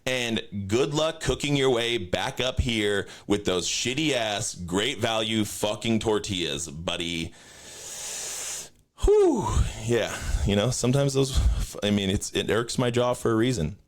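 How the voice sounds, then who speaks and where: A young man hosting a podcast, telling a profane story in a loose, ranting way and jumping up high when he quotes himself. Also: unhurried. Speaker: podcast host. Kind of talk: casual rant.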